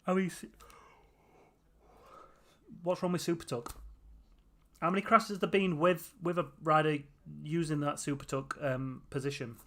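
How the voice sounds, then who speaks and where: A man's voice: a little high, fairly even intonation, moderate pace, pauses often. A tired man chatting casually to viewers on a live stream, with a runny nose. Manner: tired, chatty, often laughing.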